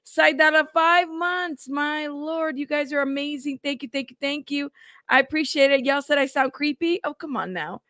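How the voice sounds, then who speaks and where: Bubbly high-voiced woman livestream host. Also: moderate pace, dry recording, studio quality. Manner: bubbly, shouting out chat members by name. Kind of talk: casual livestream chat. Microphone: plug-in mic at a computer.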